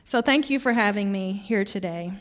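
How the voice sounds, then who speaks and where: In a church sanctuary, a guest preacher, a middle-aged Southern-accented woman from Arkansas, delivers a storytelling sermon full of feeling. Her mid-range voice moves at a normal speed, often sinking into quiet, gentle passages.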